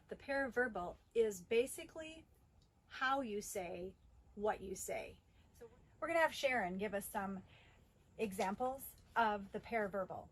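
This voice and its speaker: A middle-aged woman presenting a school bus safety training video in a measured, instructional way, with the occasional filler. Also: medium pitch, breathy edge, rough recording.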